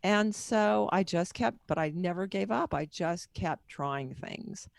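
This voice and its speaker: A woman's voice: lowish voice, lively intonation, unhurried, gravelly, dry recording, studio quality. A middle-aged woman being interviewed as a guest author and coach, telling her story in a candid, personal, wandering way.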